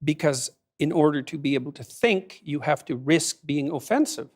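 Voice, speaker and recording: A man debate guest, calm and argumentative. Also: a little high, normal speed.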